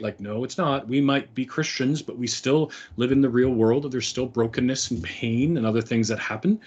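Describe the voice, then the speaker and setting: A man's voice: mid-range voice, a little fast, hardly any pauses, a little mellow, breathy edge. A middle-aged man giving an earnest, conversational talk to parents, with frequent fillers and restarts. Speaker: speaker.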